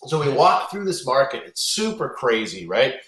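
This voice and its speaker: A man's voice: medium pitch, very animated, moderate pace, fairly bright tone. A man telling a long road story in casual chat, swearing often and restarting his sentences. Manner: rambling, profane storytelling with many restarts. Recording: roomy echo.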